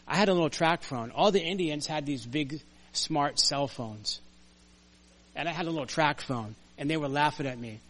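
An older man preaching a conversational sermon in a church, earnest and story-driven, dropping to quiet asides and rising to loud emphasis. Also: on the high side, normal speed. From United States. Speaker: pastor. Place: church sanctuary.

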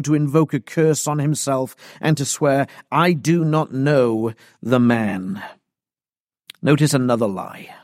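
A man preaching an expository sermon, deliberate and emphatic. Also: a little high, darkish tone, dry recording, clean studio sound.

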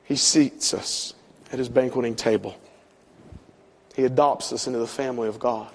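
A middle-aged man, preaching a sermon with swelling emphasis and soft drops. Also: medium pitch, steady tone, moderate pace. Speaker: pastor.

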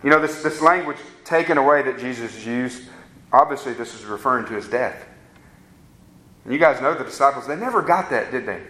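A man preaching a sermon as a pastor, with rising emphatic peaks and slow, drawn-out stresses on key words. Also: medium pitch, animated, bright, forceful tone, echoey room, rough recording.

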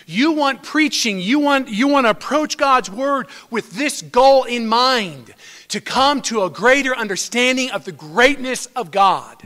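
A male pastor preaches a sermon in a church sanctuary with a very high, bright, forceful voice. Earnest, he restarts phrases and builds to emphatic peaks, and the recording has long hall reverb.

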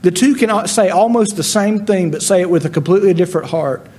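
A man preaching a sermon, expressive, acting out the words of biblical figures with rising and falling loudness. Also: high-pitched, quick pace. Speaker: pastor.

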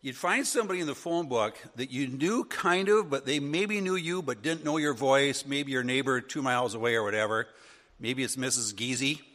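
A middle-aged man from northern Wisconsin, telling childhood stories in a folksy, animated way as a Sunday school teacher. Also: medium pitch, moderate pace. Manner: folksy, animated, acts out funny voices. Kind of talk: storytelling lesson. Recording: long hall reverb.

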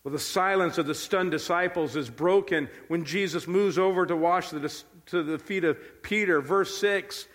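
A male pastor preaching a sermon with animated, emphatic storytelling. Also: sits high, normal speed, hardly any pauses. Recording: long hall reverb.

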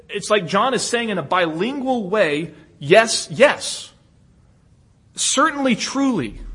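Guy preaching, high-ish breathy voice, earnest and emphatic, says things twice like "it's, it's". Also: bright, forceful tone. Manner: earnest, emphatic, repeats words as he restarts. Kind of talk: expository sermon.

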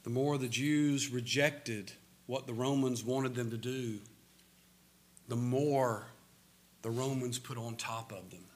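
A man with a Southern American accent preaching a sermon, slow and emphatic, his voice swelling loud on key words. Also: medium pitch, steady tone.

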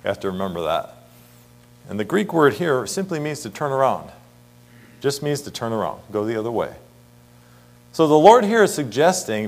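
A man's voice: medium pitch, very animated, moderate pace, long pauses, darkish tone. A middle-aged man preaching an earnest Bible sermon, asking the congregation rhetorical questions and reading scripture aloud.

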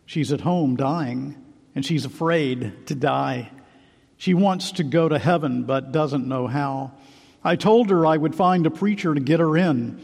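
A man's voice: fairly high pitch, unhurried, gravelly, darkish tone. A man voicing a frightened little girl who urgently pleads for help for her dying mother, in a sermon story. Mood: pleading. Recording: long hall reverb.

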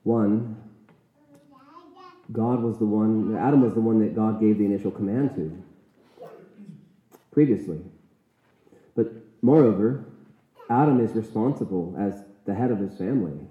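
A male pastor preaching a sermon in an earnest, emphatic way, slowing down to stress key words. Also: fairly low pitch. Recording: echoey room, tinny phone-like sound.

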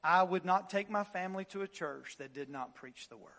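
A pastor preaching in a church, his voice riding high for a man. He hammers repeated phrases, climbs to shouting peaks and then drops to low, hushed asides. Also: brisk. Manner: impassioned preaching, swings from loud highs to low quiet asides; repeats phrases for emphasis, "listen" and "y'all". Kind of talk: sermon. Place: church sanctuary.

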